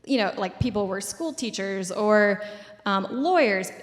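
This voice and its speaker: A woman's voice: medium pitch, animated, unhurried. Casual young woman speaking in an echoey hall. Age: 20s. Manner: casual, many "like" and "um" fillers. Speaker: community event speaker. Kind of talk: public talk.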